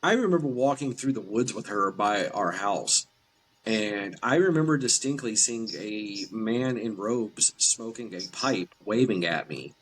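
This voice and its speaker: A man from Eastern Kentucky with an Appalachian accent, a podcast guest telling ghost stories in a relaxed, rambling way. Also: on the low side, a little slow, husky, rough recording. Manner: relaxed, rambling anecdotes with restarts. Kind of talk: casual storytelling chat.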